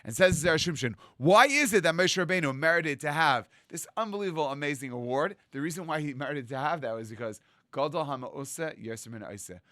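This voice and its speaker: A man giving a rabbi's Torah sermon in a lively storytelling manner, acting out the lines he quotes. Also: on the high side, a little fast, dry recording, studio quality. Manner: animated storytelling, acts out quotes.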